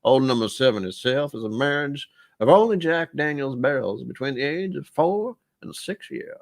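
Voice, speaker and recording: A man putting on the voice of an old Southern gentleman, reading a whiskey label in a slow, grand way. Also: medium pitch, sing-song, creaky, voice pushed up. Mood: grandiose.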